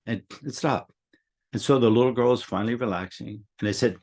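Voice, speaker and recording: A man's voice: medium pitch, brisk, darkish tone. An older man in casual chat, telling a long story in a rambling way, with repeated words and a soothing tone when he quotes himself. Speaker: guest teacher.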